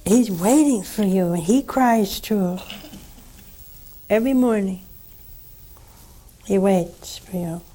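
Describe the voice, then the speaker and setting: A woman's voice: mid-range voice, takes it slowly, pauses often, mellow. An older woman, a nun, preaching earnestly and counseling callers, with frequent rhetorical questions. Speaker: nun hosting a call-in religious program. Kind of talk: sermon and call-in counsel.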